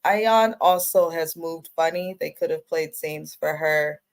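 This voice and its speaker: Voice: medium pitch, a little slow. A co-host of a casual reality TV recap, speaking in an opinionated, emphatic way. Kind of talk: casual review chat.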